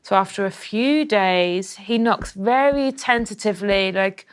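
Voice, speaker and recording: A woman's voice: medium pitch, a little slow, clear, resonant tone. A woman telling a comic history story in a rambling, cheeky, casual way.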